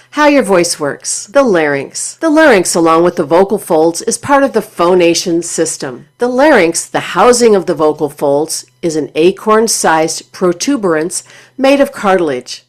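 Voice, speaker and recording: A woman voice teacher giving scripted instructional narration in a clear, measured, explanatory way. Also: lowish voice, sing-song.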